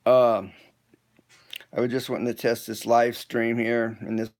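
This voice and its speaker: A man talks slowly with a gravelly edge, chatting into his phone on a live stream from an indoor room. He rambles and stops to restart his sentences often. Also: mid-range voice, flat delivery, a little mellow. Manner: halting, rambling, many restarts. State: hiccups. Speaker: home improvement vlogger. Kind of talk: casual live stream chat.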